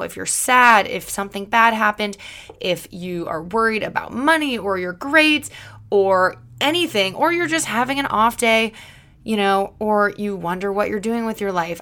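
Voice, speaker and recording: A woman's voice: medium pitch, fairly bright tone. A woman hosting her own solo podcast, talking in a chatty, upbeat and encouraging way with playful asides. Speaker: podcast host.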